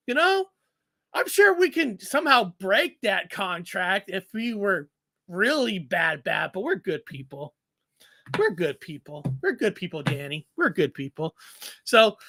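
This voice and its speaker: Chatty co-host, male, who repeats words and laughs a lot; bright, forceful tone, dry mic. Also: sits high, big pitch swings, a little slow, no echo. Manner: rambling, stammering repetitions, frequent laughs. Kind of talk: casual chat.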